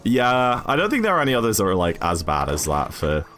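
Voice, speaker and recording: Lively British man, rambling stream chat. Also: on the low side, fairly quick, soft background music. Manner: rambling, chatty, laughs often. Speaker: speedrun streamer. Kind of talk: casual chat while gaming.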